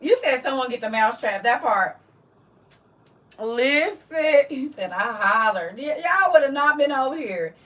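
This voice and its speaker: Animated high-voiced woman preaching on a live stream. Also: unhurried, distant mic. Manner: animated, teasing, talks straight to her audience. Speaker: livestream host preaching.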